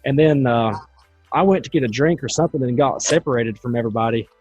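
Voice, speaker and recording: A man hosting a podcast, telling a story in a loose and animated way. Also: medium pitch, quick pace, husky, no echo, faint music behind. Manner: animated, tells stories in a loose, chatty way. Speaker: podcast host. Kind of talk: casual storytelling. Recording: dull, dry, lo-fi sound.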